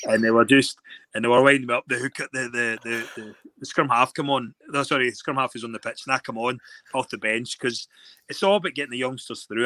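A man's voice: mid-range voice, pushed and bright, dry recording. A Scottish man chatting casually as an interview guest, telling stories in a rambling way with many restarts. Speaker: guest rugby player.

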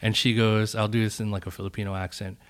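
A man in his thirties, a music producer, telling stories in a laid-back podcast chat, often trailing off softly. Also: flat delivery, quick pace, slight background noise. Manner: laid-back, trailing off into a soft low voice, frequent "like". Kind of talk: casual storytelling in a podcast conversation.

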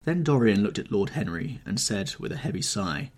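A man reading a classic novel aloud in measured, literary audiobook narration. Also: lowish voice, sing-song, darkish tone.

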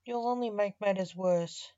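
A woman's voice: mid-range voice, normal speed, warm tone, no echo, lo-fi sound, natural voice. A woman voicing a weary young man who gives stern orders.

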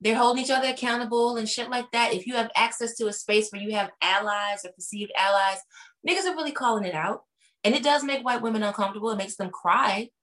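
A woman's voice: a little high, quick pace. A woman co-hosting a casual chat, retelling a reality show with blunt, profane comments and acting out the people she quotes. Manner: animated storyteller who acts out the people she quotes. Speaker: podcast co-host.

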